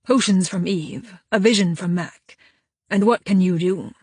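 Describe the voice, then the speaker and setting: Gruff stubborn dwarf boss, curt and grumbling, read by a woman, husky tone, dry audiobook sound. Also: fairly low pitch, unhurried, dry recording.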